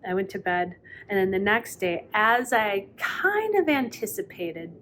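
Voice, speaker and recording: A middle-aged woman giving a reflective spiritual talk, earnest and unhurried, often pausing with "um". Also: medium pitch, very animated, a bit bright, a little hiss or hum. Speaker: spiritual teacher.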